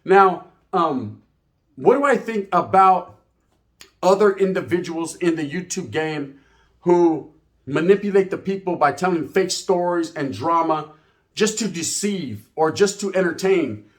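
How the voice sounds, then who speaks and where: High-voiced man ranting. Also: a little slow. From California. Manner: profane street slang mixed with Spanish, animated storytelling. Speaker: channel host. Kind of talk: ranting storytelling commentary.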